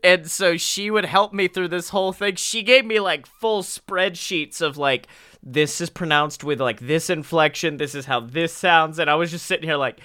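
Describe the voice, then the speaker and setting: A man in his twenties co-hosting a casual podcast chat, telling stories animatedly and jumping into loud, high acted quotes. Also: moderate pace, smooth, no echo, clean studio sound. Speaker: podcast co-host.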